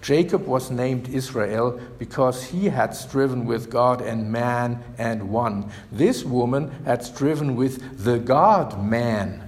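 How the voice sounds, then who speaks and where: A man preaching a sermon as pastor, asking rhetorical questions with dramatic pauses. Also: medium pitch. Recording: echoey church reverb.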